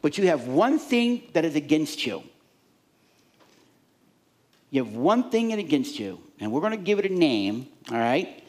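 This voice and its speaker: Guy preaching a sermon, high voice, swings all over the place, acts out little voices. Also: measured pace, pauses often. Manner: animated preaching, acts out inner voices and fans. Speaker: pastor.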